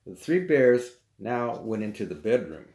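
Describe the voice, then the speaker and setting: A man's voice: mid-range voice, big pitch swings, a little slow, darkish tone. A man reading a children's storybook aloud, with chatty asides. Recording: roomy echo.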